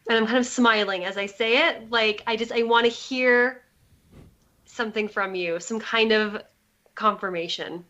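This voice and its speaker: A woman's voice: fairly high pitch, normal speed, fairly bright tone. Hesitant woman player, dull lo-fi sound. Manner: hesitant, many restarts and fillers. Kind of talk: playing a character in a tabletop game.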